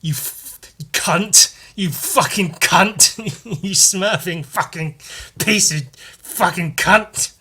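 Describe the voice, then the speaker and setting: A man voicing a small blue cartoon Smurf in a higher put-on voice, cheery at times and swearing wildly when angry. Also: animated, moderate pace, pushed and bright, husky, exaggerated voice. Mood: furious.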